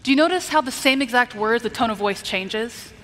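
A woman's voice: fairly high pitch, fairly quick, fairly bright tone, long reverb tail. A woman preacher giving a conversational Bible teaching, explaining and checking in with her listeners. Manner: explanatory, asks the listeners "right?".

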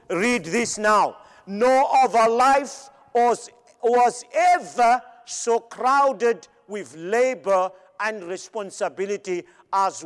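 A man preaches at a slow, deliberate pace, hammering home repeated phrases. His voice sits high and swings widely in pitch. A long reverb trails each line, as in a large hall. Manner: emphatic, with pauses and repeated phrases. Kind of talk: sermon.

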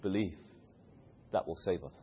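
A man's voice: deep voice, normal speed, breathy edge. A man preaching a sermon who keeps putting questions to the congregation. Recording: muffled lo-fi recording.

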